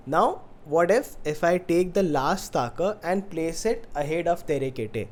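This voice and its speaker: A man teaching a tabla lesson, patiently explaining and speaking drum syllables with clear stress, with tabla playing heard in the background. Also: on the high side, lively intonation, measured pace.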